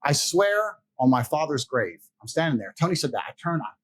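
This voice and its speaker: Man, interview guest, high-pitched, very animated delivery, profane, boastful storytelling. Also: brisk, a little hiss or hum. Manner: animated, laughs mid-story. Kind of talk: casual storytelling in a podcast interview.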